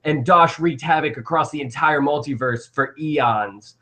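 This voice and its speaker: A man voicing an old male guardian who tells an ancient tale slowly and grandly. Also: a little high, sharp tone. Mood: lofty.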